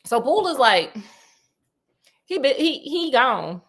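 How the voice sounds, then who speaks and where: Woman storyteller, slangy, animated, chats with the listener, fairly high voice. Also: takes it slowly. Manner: animated, slangy, talks to the audience. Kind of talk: casual, comic story retelling.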